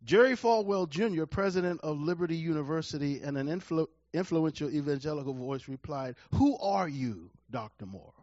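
A male pastor delivering a sermon, repeating his key phrases and swinging from quiet, measured lines to loud, emphatic ones. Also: on the high side, no echo, lo-fi sound.

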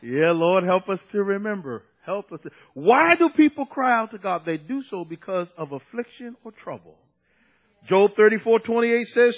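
A man's voice: sits high, sing-song, normal speed, highs cut off. A man preaching a sermon, conversational and at times emphatic, drawing out key phrases.

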